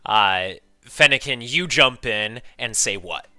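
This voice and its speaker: A man running a tabletop game as game master, narrating in a lively way with lots of fillers. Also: medium pitch, takes it slowly, clear, resonant tone, dry recording.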